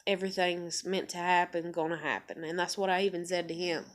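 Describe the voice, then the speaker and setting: A woman's voice: on the low side, steady tone, brisk. A woman vlogger speaks candidly to her camera, telling a personal story. She is blunt and profane, rambling through it with plenty of fillers. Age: adult parent.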